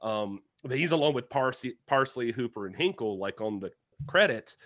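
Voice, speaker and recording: A man's voice: medium pitch, moderate pace, no echo. A man co-hosting a podcast, chatting casually and adding joking asides. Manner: animated, jokey, adds asides. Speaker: podcast co-host. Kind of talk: casual chat.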